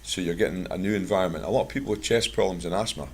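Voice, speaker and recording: A man's voice: low voice, very fast, slight background noise. A Scottish man from Scotland giving a chatty, plain-spoken talk to a bird club, mixing product advice with anecdotes. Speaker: guest speaker at a bird club.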